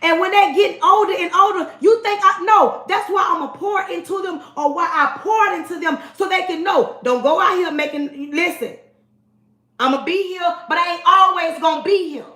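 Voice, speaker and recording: A woman in her forties with a high voice delivers a forceful, preachy livestream rant and talks straight to her viewers. The recording has a roomy echo. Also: normal speed. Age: 40s. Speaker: livestream host. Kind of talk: casual livestream monologue.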